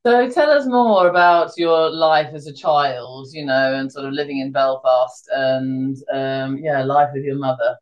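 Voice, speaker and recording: A podcast host interviewing a guest in a friendly, casual way, pausing with ums. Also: mid-range voice, fairly even intonation, highs cut off.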